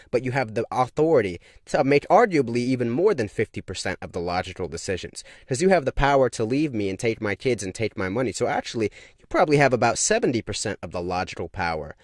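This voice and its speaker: A man's voice: fairly low pitch, no echo, studio quality. A man delivering a casual monologue full of emphatic, repeated rhetorical questions. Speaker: online commentator.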